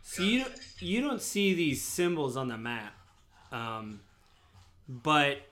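A man's voice: on the high side, big pitch swings, slow pace, fairly bright tone. A man narrating as game master of a tabletop game, loose and rambling with lots of fillers.

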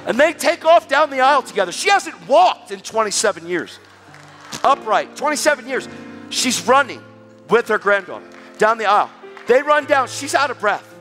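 A high-pitched male preacher delivers an animated sermon, swinging from loud exhortation to near-whispered storytelling. His voice rings out with a long reverb through a church hall, with faint music underneath. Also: moderate pace.

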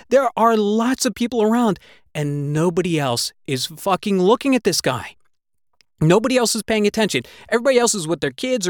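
A man's voice: high-pitched, no room sound. A man recounts a gripping personal story, swearing freely as the words tumble out. His delivery turns heavy with emotion at times. The sound is dry and close, with no room around it. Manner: swears constantly, breathless retelling; emotional, gets worked up.

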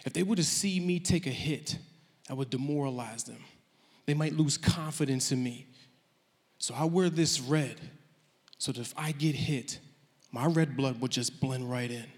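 A man voicing a stern, commanding naval admiral who speaks firmly and low. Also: moderate pace, in a large hall, lightly acted.

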